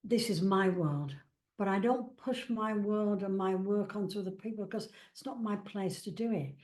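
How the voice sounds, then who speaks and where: A woman from England, a psychic medium and author, chatting in a rambling way and acting out the dialogue she recalls. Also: mid-range voice. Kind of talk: casual storytelling interview.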